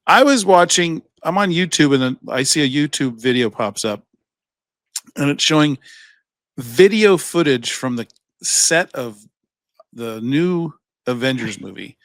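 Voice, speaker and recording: Guy on a podcast just rambling thru stories, mid pitch, doing little voices for people, dead dry sound. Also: fairly bright tone, dry recording. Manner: rambling storyteller, acts out quoted voices, swears, laughs often. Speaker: podcast co-host. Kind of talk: casual chat.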